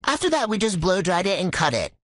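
A woman's voice: lowish voice, very animated, fast talker, a bit bright, no room sound. A young woman narrating a casual vlog in a sassy, self-mocking way. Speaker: skit creator.

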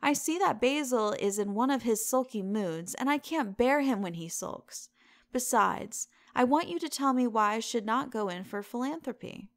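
A woman's voice: fairly high pitch, animated, normal speed. A woman reading the lines of a petulant, charming young man in a storybook reading, in an eager, lightly pleading way.

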